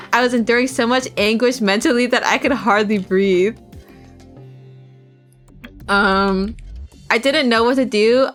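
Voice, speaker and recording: A young woman on a livestream reads a visual novel aloud in a fairly high voice, casual and profane, leaning into its dramatic passages. Faint game music plays behind her. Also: a bit bright. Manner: casual, profane, laughs at the script. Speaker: streamer.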